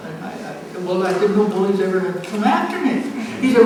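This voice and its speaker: A woman's voice: mid-range voice, expressive, fairly quick, few pauses, darkish tone. A woman in her nineties telling a personal story at a community center gathering, acting out the voices of the people in it and laughing as she goes. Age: 90s. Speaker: storyteller at a family event. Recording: echoey hall, mic far off, faint hum.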